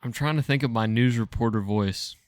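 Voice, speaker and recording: A man's voice: mid-range voice, fairly quick, darkish tone. A man co-hosting a podcast, reading a choose-your-own-adventure story aloud and stumbling over words with amusement.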